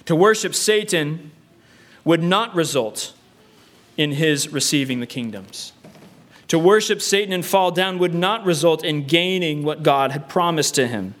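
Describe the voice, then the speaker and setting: A man's voice: a little high, a bit bright. A man preaching a sermon earnestly, using repetition and rhetorical questions. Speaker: pastor.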